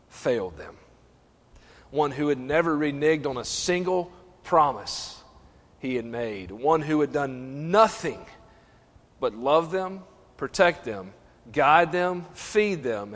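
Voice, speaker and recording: A middle-aged man preaching a sermon, animated, stumbling and restarting, acting out voices. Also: medium pitch, unhurried. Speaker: pastor. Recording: long reverb of a church hall.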